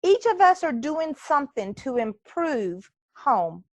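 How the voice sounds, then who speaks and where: A woman's voice: high-pitched, very animated, slow pace, dry recording. A woman giving an earnest, faith-minded speech from home over a video call. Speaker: club speaker.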